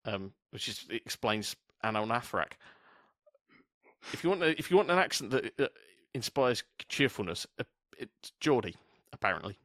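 Sweary British podcast host, rambling chatter, dry close mic. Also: male voice, mid-range voice, very animated, normal speed, fairly bright tone, no echo. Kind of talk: casual chat.

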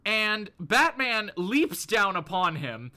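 A man's voice: high-pitched, very animated, slow pace, pushed and bright. A man co-hosting a casual podcast, animatedly retelling a comic and laughing often. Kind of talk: casual chat.

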